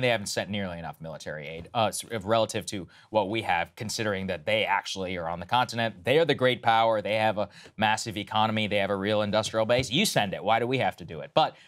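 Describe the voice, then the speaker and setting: A man co-hosting a political talk show, giving opinionated commentary in an emphatic, sarcastic way, jumping up in pitch and volume to drive points home. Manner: emphatic, sarcastic, swings loud and high on points.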